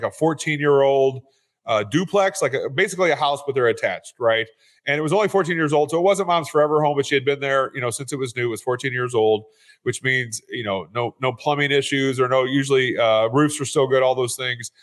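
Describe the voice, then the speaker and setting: A real estate investor appears as a guest in a casual interview, speaking in a mid-range, fairly bright voice. He's earnest and often repeats words as he restarts his sentences.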